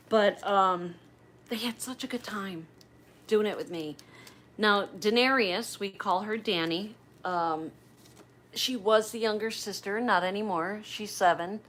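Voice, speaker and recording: A woman's voice: mid-range voice, unhurried, fairly bright tone, rough recording. A middle-aged woman hosting a casual livestream, chatting and rambling as she talks straight to her viewers. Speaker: livestream host.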